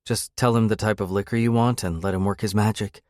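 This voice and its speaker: A guarded young woman with a cool, terse way of speaking, read by a man in his own low voice. The delivery stays even and close. The recording is dry and close. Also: fairly quick, dry recording, natural voice.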